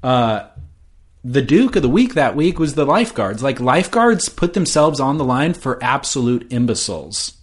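A man's voice: medium pitch, very animated, moderate pace, slightly rough. Man bantering as podcast co-host. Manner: wry, teasing banter. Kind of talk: casual chat.

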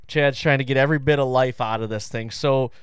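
A man hosting a podcast, telling a story in a loose, animated and profane way. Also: medium pitch, fairly quick, clear, resonant tone, no echo, clean studio sound. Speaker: podcast host. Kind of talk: casual storytelling chat.

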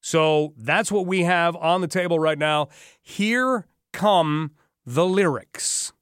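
A man's voice: fairly high pitch, takes it slowly, fairly bright tone, clean tone, no room sound. A man hosting talk radio from a studio mic, conversational and wry, with dry sarcasm. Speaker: radio talk show host. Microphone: studio microphone.

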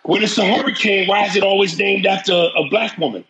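A man in casual chat, telling stories in an animated, profane way. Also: high voice, fairly quick, crowd noise, rough recording.

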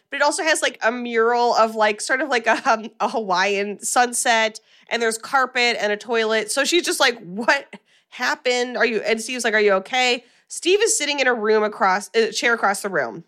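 A woman hosting a podcast, recapping a film in a chatty, animated way with many fillers. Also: fairly high pitch. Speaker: podcast host. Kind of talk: casual chat recapping a film.

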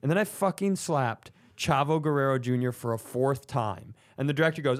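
A man's voice: medium pitch, brisk, few pauses. A young man on a podcast, telling a story in a casual chat and acting out the other people in it with raised voices. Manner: animated, acts out quotes in raised voices. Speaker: podcast co-host.

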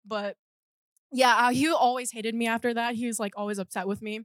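A chatty woman with a fairly high voice, telling a story and packing it with "like" as she acts out quotes. Her voice sounds close and dry. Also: fairly even intonation, a little fast, dry recording. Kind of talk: casual storytelling.

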